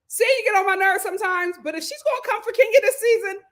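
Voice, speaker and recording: A young woman hosting a casual live review chat, animated and laughing, acting out quotes. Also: extremely high pitch, quick pace. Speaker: host of a reality TV review show.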